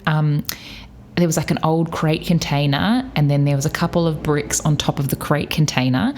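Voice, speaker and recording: A young Australian woman from Perth hosts a podcast, telling casual stories in a chatty way, laughing often and acting out scared voices. Her voice is deep and a little mellow.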